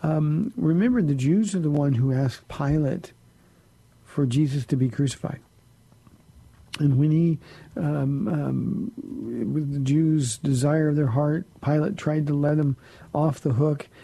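A man's voice: fairly high pitch, measured pace, creaky, dark tone, slightly rough, dry recording, poor audio. A man pastor on a call-in radio show, answering listeners' Bible questions in an earnest, explaining way with many fillers.

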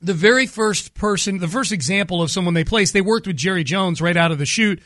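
Bright-voiced joking sports host. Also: male voice, sits high, brisk, no echo, clean studio sound. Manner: chatty, joking. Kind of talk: casual sports talk.

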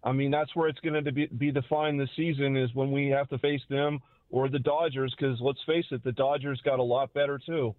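A male caller speaks in a worried, insistent way, his voice fairly flat in pitch. He comes through a narrow, tinny phone line. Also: brisk, few pauses, no room sound. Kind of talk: radio call-in.

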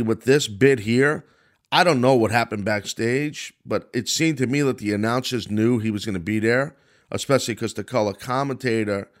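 A middle-aged man with a New York accent, hosting a wrestling podcast and giving blunt, rambling commentary full of restarts. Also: fairly low pitch. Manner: blunt, rambling, self-correcting. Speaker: podcast host and former wrestling announcer. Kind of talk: casual commentary monologue.

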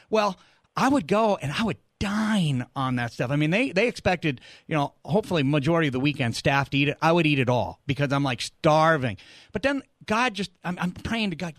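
Middle-aged radio host, animated storyteller, slightly high voice, dry sound. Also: male voice, normal speed, dry recording. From New England. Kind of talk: casual interview storytelling.

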